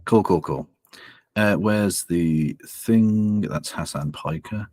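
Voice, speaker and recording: A man's voice: deep voice, slow, darkish tone, no room sound, clean studio sound. A man co-hosting a casual livestream and reacting to clips, sweary and sardonic. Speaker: streamer reacting to a video.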